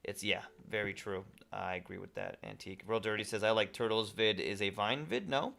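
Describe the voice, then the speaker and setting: Talking a little fast in a creaky, somewhat bright voice on the low side, a livestream host runs a casual gaming stream. He reads viewers' chat out loud and chats back to them.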